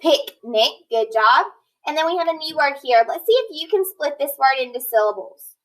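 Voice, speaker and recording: A woman teaching a recorded phonics lesson to children, speaking slowly and clearly, sounding out words and encouraging them. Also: high voice, lively intonation, poor audio.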